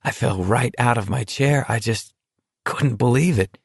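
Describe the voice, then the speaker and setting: A man voicing an earnest teenage boy in a deadly walking contest, speaking in a confiding, rambling, quietly hurt way. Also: mid-range voice, unhurried, gravelly, husky, dry recording, clean studio sound.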